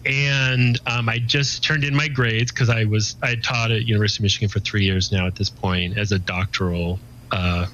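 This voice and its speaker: A man's voice: fairly low pitch, fairly even intonation, moderate pace, few pauses, fairly bright tone, highs cut off, slight background noise. A man in his forties, a guest telling his personal faith testimony in casual, earnest talk, full of "you know" and restarts.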